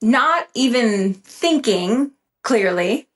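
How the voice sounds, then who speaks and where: A woman guest on a podcast, telling a story in a casual, animated way and swearing freely. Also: on the high side, extremely slow.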